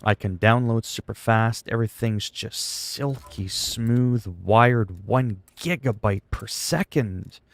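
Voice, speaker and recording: Male streamer, low gravelly voice, dry close mic, frustrated ranting chat. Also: slow pace, hardly any pauses, dry recording. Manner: frustrated, venting, sarcastic. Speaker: livestreamer.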